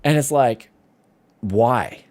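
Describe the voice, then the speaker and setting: A man's voice: mid-range voice, drawn-out words, no echo. A man with a strained voice, hosting a tech livestream in rambling casual chat and reading out questions from viewers. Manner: rambling, animated, reads chat questions aloud. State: strained voice from yelling.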